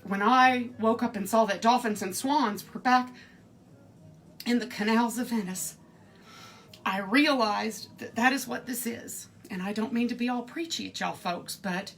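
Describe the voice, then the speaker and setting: A woman's voice: medium pitch, measured pace. A middle-aged woman hosting a live home cooking stream from her kitchen, talking earnestly and chatting with viewers by name. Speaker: cooking show host.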